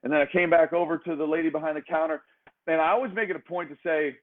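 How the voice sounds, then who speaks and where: A fitness coach pumps up his listeners in a motivational talk, stacking short emphatic exhortations one after another. His voice sits a touch high for a man. The sound is thin and tinny, as if it were heard over a phone line. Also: fast. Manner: energetic, emphatic, repetitive exhortations. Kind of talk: motivational speech.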